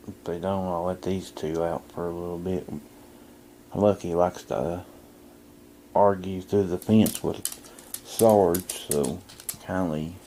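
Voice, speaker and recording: A man vlogging casually with a camcorder, chatting to his dogs and hushing his voice indoors. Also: low-pitched, a little hiss or hum. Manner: talks to his dogs in a coaxing voice, drops to a hush indoors. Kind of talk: casual vlog narration to camera. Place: house indoors, then backyard outdoors. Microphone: handheld camcorder mic.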